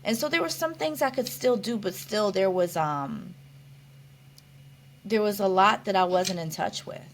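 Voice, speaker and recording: A woman's voice: medium pitch, lively intonation, a little slow, slight background noise. A woman guest in an interview, talking earnestly and reflectively, often restarting her sentences. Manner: earnest, reflective, with many restarts and "you know". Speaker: podcast guest. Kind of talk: conversational interview.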